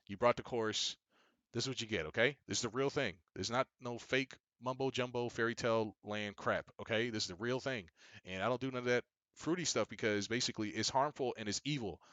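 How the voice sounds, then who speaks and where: Young guy ranting fast and preachy, lowish voice, repeats himself a lot. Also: a bit bright, no echo. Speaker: business coach. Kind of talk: casual monologue commentary.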